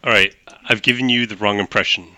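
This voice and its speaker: A man's voice: fairly low pitch, fairly even intonation, fast talker, bright, forceful tone. A man narrating a tabletop game as game master, explaining rules at length with frequent restarts.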